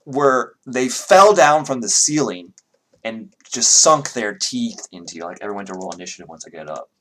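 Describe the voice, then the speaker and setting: A man running a tabletop game online as game master, relaxed and trailing off softly at times. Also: lowish voice, normal speed, slight background noise.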